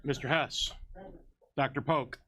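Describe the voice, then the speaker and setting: A man's voice: mid-range voice, fairly even intonation, takes it slowly, noisy background. A man calling the roll at a county board meeting, reading each member's name in a sing-song way.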